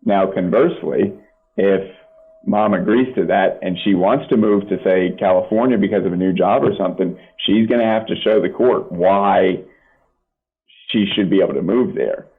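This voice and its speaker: A man's voice: low voice, normal speed, breathy edge. A man, a family law attorney and podcast guest, explaining legal points plainly with practical examples. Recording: tinny phone-like line.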